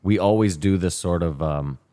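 A man's voice: low voice, moderate pace, warm tone. A man with a Canadian accent co-hosting a podcast, blunt and joking with frequent swearing. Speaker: podcast co-host. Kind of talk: casual banter.

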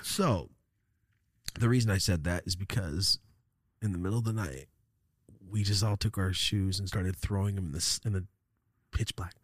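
California guy in his 30s rambling and cursing through a podcast story, lowish voice, dry close mic. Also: normal speed, pauses often, no echo. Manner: rambling, profane, animated. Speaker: podcast host. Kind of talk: casual storytelling.

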